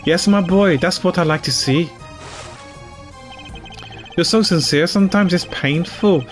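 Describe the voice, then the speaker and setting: A man doing a condescending, gloating game villain, an older chairman who savours belittling his foe. The voice sits a touch high and is read over faint game music. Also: measured pace. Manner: condescending, taunting.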